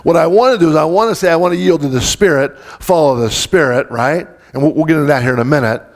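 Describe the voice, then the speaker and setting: A man's voice: fairly high pitch, quick pace. Man preaching a chatty, searching sermon. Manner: informal and searching, with frequent restarts and questions to the congregation. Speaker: pastor. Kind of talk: conversational sermon.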